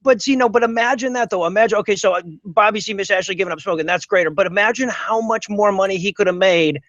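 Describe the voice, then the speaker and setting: High-voiced deadpan joking man. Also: fast, no room sound, dull audio. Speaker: podcast guest. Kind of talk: comedic podcast chat.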